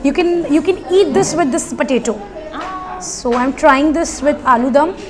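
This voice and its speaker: A woman's voice: high-pitched, moderate pace. A woman hosting a casual food vlog in a restaurant, explaining each dish with many fillers and asides. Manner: explains dishes with many fillers, switching to Hindi. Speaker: food vlogger host.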